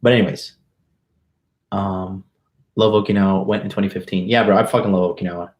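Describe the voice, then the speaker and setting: A man's voice: low voice, fairly even intonation, brisk, darkish tone. A man hosting a livestream, telling a story in a brash, profane way with swaggering slang. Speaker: dating coach hosting a livestream.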